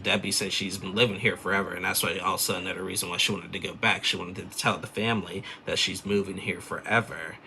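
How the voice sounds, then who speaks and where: A man's voice: low-pitched, fairly even intonation, quick pace, gravelly, hardly any pauses, sharp tone, a little hiss or hum. A man casually recapping a reality TV episode, rambling and chatty with lots of fillers. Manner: rambling, chatty, loose filler-heavy storytelling.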